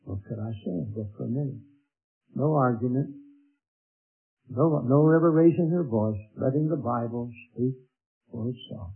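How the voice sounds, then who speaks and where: Older man, husky voice, earnest sermon testimony, measured pauses, tinny narrow-band sound. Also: mid-range voice. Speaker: preacher giving his testimony. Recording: tinny narrow-band old recording with faint music.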